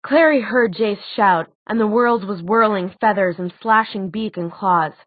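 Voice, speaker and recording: A woman reading a novel aloud as an audiobook narrator, steady and expressive. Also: mid-range voice, measured pace, dry recording. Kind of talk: scripted narration. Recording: tinny phone-like dry sound.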